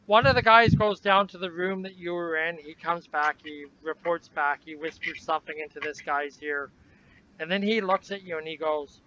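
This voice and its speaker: Guy game-mastering a tabletop rpg, high voice, casual and descriptive, muffled lo-fi audio. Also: moderate pace. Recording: dull lo-fi recording, faint noise.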